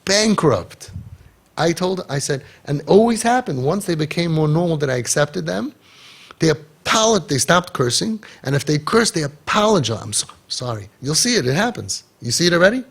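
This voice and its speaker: Man, inspirational speaker, gravelly voice, husky, impassioned, repeats himself for emphasis. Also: a little high, normal speed. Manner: animated, acts out dialogue, repeats key phrases.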